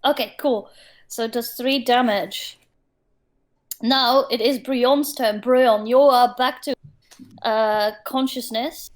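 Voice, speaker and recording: A woman running a tabletop game as game master over an online call, narrating scenes vividly with hesitant pauses. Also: fairly high pitch, steady tone.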